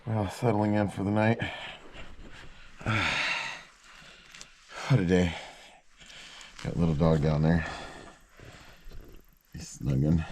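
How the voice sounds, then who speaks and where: A man's voice: rumbling low, slight background noise. A man hosting an outdoor vlog, chatting casually to the viewers while camping by a fire in the forest. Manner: relaxed, chatty, talks to the viewers.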